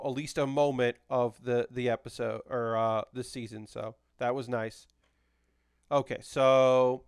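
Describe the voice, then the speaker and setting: A man chatting casually on a live stream while assembling a model kit, with a smooth, fairly high voice. He rambles animatedly, full of fillers and restarts, recorded dry and close to the mic. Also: fairly bright tone, no echo.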